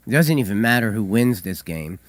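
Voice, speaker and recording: A hoarse man co-hosting a call-in show, telling stories with hesitant fillers and dry humor. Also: fairly low pitch, animated, a little fast. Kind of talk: casual radio chat.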